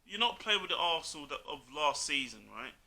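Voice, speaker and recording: A man's voice: on the high side, expressive, brisk, pushed and bright. A man arguing about football in a casual chat, bluntly, calling the other speaker mate over and over. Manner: blunt, argumentative, says "mate" constantly. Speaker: co-host, Liverpool fan.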